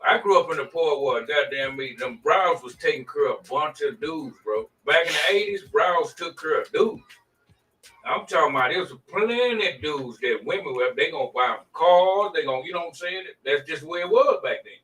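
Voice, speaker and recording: A man's voice: fairly high pitch, expressive, normal speed, fairly bright tone, recorded from a distance, soft background music, low-quality recording. A man in his forties talking bluntly in slang-heavy casual group chat as a podcast co-host.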